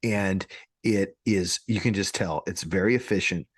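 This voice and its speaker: A man co-hosting a podcast, telling a story in a casual, animated way, often laughing and restarting his sentences. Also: low-pitched, measured pace, husky, no echo, clean studio sound. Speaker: podcast co-host.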